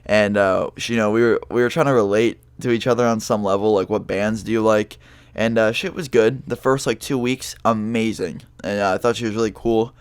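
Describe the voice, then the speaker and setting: Rambling young man with a low voice. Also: steady tone, a little fast, smooth, no room sound. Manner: rambling, loose, heavy on fillers and swearing. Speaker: vlogger telling a story. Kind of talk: casual storytime monologue.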